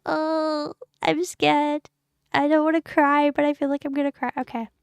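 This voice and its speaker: A young woman streaming casually, giggly and excitable, chatting to her viewers. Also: sits high, fast talker, no room sound. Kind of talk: casual live-stream chat.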